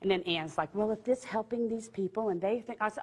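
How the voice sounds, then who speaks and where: A woman telling a personal story with animated delivery, laughing often and jumping into high excited outbursts. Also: brisk, husky, big-room sound. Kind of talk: testimony storytelling.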